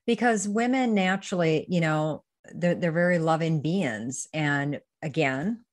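A woman's voice: deep voice, unhurried. A woman wellness coach, a guest on a podcast, talking in a chatty and earnest way. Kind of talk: casual interview chat.

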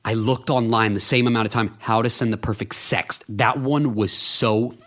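A man on a podcast telling a long, rambling story. He interrupts himself often and swears casually. His pitch sits at an average height for a man. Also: fairly even intonation, normal speed, fairly bright tone. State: sweating, nervous. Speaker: podcast guest.

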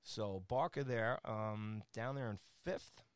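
A man hosting a casual soccer scores segment, energetic and playful, with lots of fillers, teasing his co-host. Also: lowish voice, takes it slowly, smooth. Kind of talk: casual sports rundown on a talk show.

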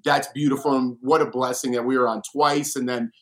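A man chatting casually as a guest, an animated storyteller who acts out quotes. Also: medium pitch, brisk. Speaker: reality show alum guest. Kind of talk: casual chat.

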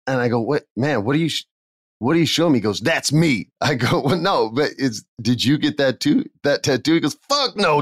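A man casually telling a backstage story, animated and acting out the people he quotes. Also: mid-range voice, no echo, clean studio sound. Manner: animated, acts out quoted voices. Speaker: podcast guest telling stories.

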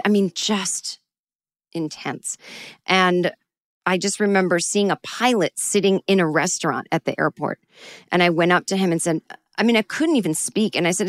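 A woman's voice: moderate pace, long pauses, dry recording. Woman telling a story, dry close sound. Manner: animated, acts out her own frantic past voice in high pitched bursts. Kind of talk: personal storytelling.

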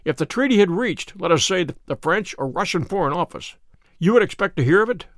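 Cool, keen detective, measured speech, lively pitch, read by a man in a storybook. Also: no echo, studio quality. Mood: composed. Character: sharp, calm male detective. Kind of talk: audiobook character reading.

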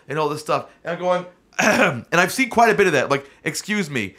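A man hosting a casual podcast chat who talks in an animated, rambling way with frequent restarts. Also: a little high, normal speed.

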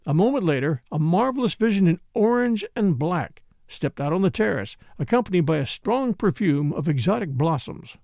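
A man reading a novel aloud as an audiobook narrator, with expressive storytelling. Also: sits high, fairly quick, vocal fry, hardly any pauses, no room sound, studio quality. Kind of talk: scripted narration.

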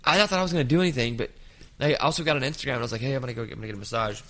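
A man in his fifties hosting a casual chat, telling an anecdote with lively jumps into quoted voices. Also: medium pitch, rapid-fire. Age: 50s.

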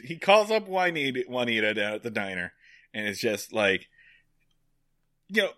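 A man co-hosting a podcast, giving a casual episode recap with wry, deadpan, profane humor. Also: mid-range voice, moderate pace, no echo, clean studio sound. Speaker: podcast co-host.

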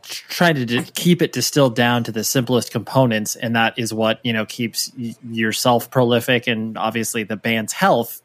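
Podcast host asking meandering questions. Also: male voice, medium pitch, steady tone, moderate pace, few pauses. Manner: meandering questions full of fillers. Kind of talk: casual podcast interview.

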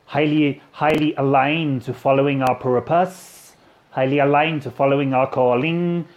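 A man's voice: medium pitch, steady tone, moderate pace, dull audio, natural voice. A man channeling the alien Tahini, odd accent. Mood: solemn. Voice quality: odd put-on foreign-sounding accent, mispronounced words. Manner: rambling, repetitive cosmic incantation. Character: solemn alien messenger Tahini, male, grandiose. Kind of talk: channeling session.

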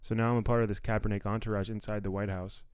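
A young male comedian from the D.C. area talks through a story in a relaxed, profane way, acting out bits of dialogue. His voice sits fairly low and comes across smooth and resonant. The sound is close and dry, with no room around it. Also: very fast, no echo. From Washington, D.C. area. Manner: laid-back, profane, acts out quoted dialogue. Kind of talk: casual storytelling monologue.

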